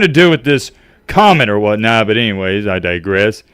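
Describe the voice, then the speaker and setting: Ranting man with a smooth voice. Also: lowish voice, animated, moderate pace, fairly bright tone, no room sound, clean studio sound. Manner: emphatic, ranting, sarcastic asides. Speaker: sports commentary streamer. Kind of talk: casual rant over fan comments.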